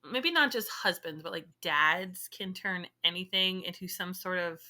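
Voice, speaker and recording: A woman co-hosting a podcast in casual chat, animated, acting out little scenes as she tells stories. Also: on the low side, unhurried. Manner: animated storyteller, acts out dialogue. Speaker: podcast co-host.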